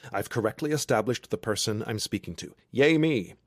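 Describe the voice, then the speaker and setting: A man narrating a romance audiobook in the first person, wry and expressive. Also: on the low side, brisk, no room sound, clean studio sound. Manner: wry, expressive, self-deprecating.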